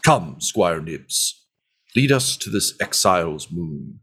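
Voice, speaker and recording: A solemn knight speaks in slow, formal phrases, as a man plays him. His voice sits very low and unhurried. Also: sing-song, a bit bright, breathy edge, full character voice. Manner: formal, measured. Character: formal, dignified older male knight leader.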